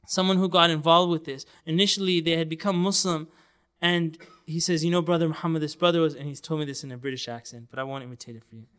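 Man, sermon, earnest and emphatic, smooth clear voice, a bit high. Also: fairly bright tone. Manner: earnest, emphatic, recites Quran in melodic chant. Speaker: Islamic preacher.

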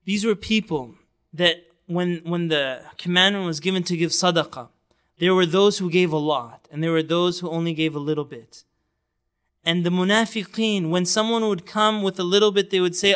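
A man's voice: high-pitched, moderate pace, fairly bright tone, smooth. A man giving an earnest, emphatic sermon, with passages of the Quran chanted melodically. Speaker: Islamic preacher.

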